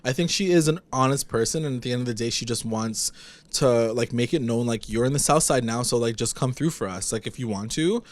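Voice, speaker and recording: A man's voice: medium pitch, brisk. Guy on a podcast retelling an episode, medium voice, does the characters' lines as he goes. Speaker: podcast co-host. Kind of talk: casual recap chat.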